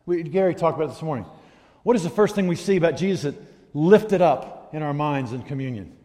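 A man preaching a sermon as pastor, animated, swinging from loud emphasis to quiet asides. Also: sits high. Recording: long hall reverb.

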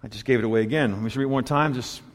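A man preaching a sermon, telling stories and swinging between loud emphatic lines and hushed asides. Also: mid-range voice, very fast. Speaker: pastor. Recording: long hall reverb.

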